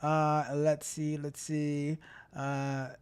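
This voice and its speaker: A man's voice: a little high, completely flat delivery, very slow, clean tone. Upbeat chatty male livestream host. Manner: chatty, upbeat, repeats phrases while reading chat. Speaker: livestream host and tech coach. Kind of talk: casual livestream chat.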